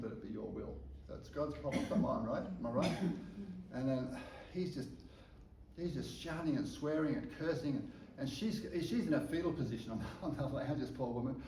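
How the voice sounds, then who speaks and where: A man preaching through a personal testimony, an animated storyteller who stumbles and repeats words. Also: medium pitch, a little hiss or hum. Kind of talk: storytelling sermon. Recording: echoey room, distant mic, faint ambience.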